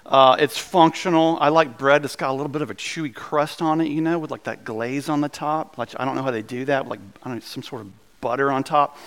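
A man preaching a sermon as pastor, mixing playful jokes with earnest teaching, with frequent asides and quick restarts. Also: clear, resonant tone. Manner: humorous, animated preaching with jokes about bread; quick asides and restarts, voice jumping higher when excited.

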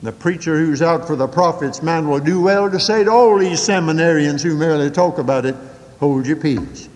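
An older male preacher delivers a sermon in a fairly high voice, swinging from quick folksy asides to slow, weighty emphasis. The recording carries a long hall reverb. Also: a little mellow. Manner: folksy storytelling with dramatic swings in pitch and pace.

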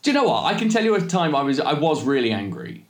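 Talking fast in an echoey room, this podcast co-host has a voice on the high side that swings widely in pitch. His casual chat rambles along, full of self-interruptions and frequent laughter.

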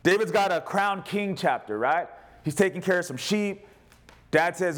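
A man preaching as a pastor, animated, rising to loud cries and dropping to quiet asides. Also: high-pitched, moderate pace. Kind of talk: sermon.

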